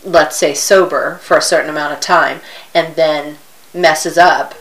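A woman's voice: deep voice, fairly even intonation, measured pace, low-quality recording. A middle-aged woman co-hosting a casual, upbeat talk show; chatty, laughing easily. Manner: chatty, laughs easily, acts out her own complaints. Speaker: co-host. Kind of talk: casual chat.

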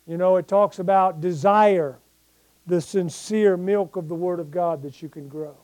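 A man's voice: high-pitched, measured pace, darkish tone, no room sound. An older man preaching a sermon as pastor, talking plainly with his congregation and rising into emphatic scripture reading.

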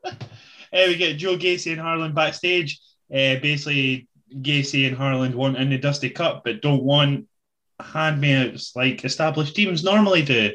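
A man's voice: a little high, moderate pace, sharp tone. A man co-hosting a casual wrestling recap chat, laid-back, joking and swearing often. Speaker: podcast co-host.

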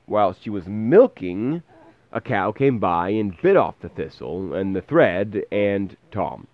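A man reading a fairy tale aloud in a lively way, pausing to explain words. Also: fairly low pitch, lo-fi sound. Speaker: storyteller.

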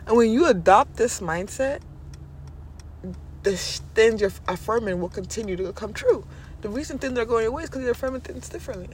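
A man giving a casual motivational monologue, animated and self-assured, talking in quick bursts about mindset. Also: very high voice, slight background noise. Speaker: self-help speaker.

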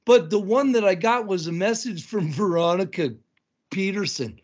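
A high-pitched man in his fifties from Blackfeet country, Montana, spinning casual stories as a podcast guest. He talks in an animated way, laughs often and swears. The recording sounds dull and lo-fi. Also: normal speed, slightly rough. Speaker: podcast guest, tournament announcer. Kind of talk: casual storytelling chat.

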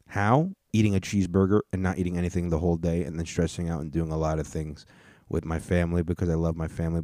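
Young man, low voice, dry close sound, profane jokey stream chat. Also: no echo. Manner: loud, profane, jokey banter with viewers. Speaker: streamer reacting to a clip. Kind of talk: casual reaction stream.

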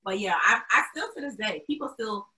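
A woman's voice: mid-range voice, expressive, a little fast, bright, forceful tone, rough recording. A woman from Albany speaking as an interview guest, thoughtful and earnest, with frequent restarts. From Albany, New York. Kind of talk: casual interview chat.

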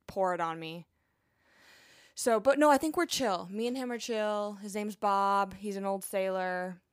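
A woman's voice: mid-range voice, gravelly, dry recording, clean studio sound. A young woman hosting a podcast, a nurse chatting casually with a rambling, playful manner and lots of asides. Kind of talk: casual chat.

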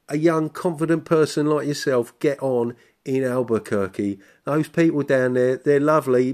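A man's voice: medium pitch, a little mellow, pitched below the performer's own voice, natural voice. A man voicing a cheeky, rambling, middle-aged British bloke who teases his mate with chummy slang, as a comedic phone-in bit. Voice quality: chummy, joshing banter with broad slang.

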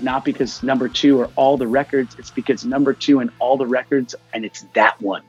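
A man's voice: mid-range voice, brisk, few pauses, faint music behind. A middle-aged man, a musician guest, telling a story in a casual interview and acting out what others said. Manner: animated, acts out quoted dialogue. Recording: dull lo-fi sound.

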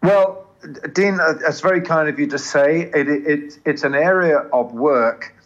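An older man, a cricket commentator, talking earnestly in an interview, with a smooth English accent carrying traces of Southern African and many restarts. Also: on the high side, unhurried, lo-fi sound. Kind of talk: interview conversation.

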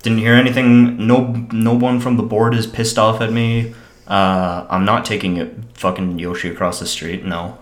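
A man's voice: on the low side, level tone, moderate pace. A man telling a story in casual chat, profane and indignant, swearing freely. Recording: roomy echo.

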